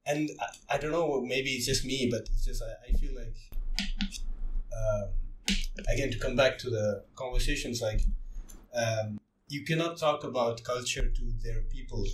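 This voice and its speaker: A man's voice: medium pitch, moderate pace, noisy background. Male podcast host in casual talk, hesitant and rambling, recorded in a roomy space with faint background ambience. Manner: rambling, many fillers and restarts. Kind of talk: casual chat. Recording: roomy, slightly distant mic, faint ambience.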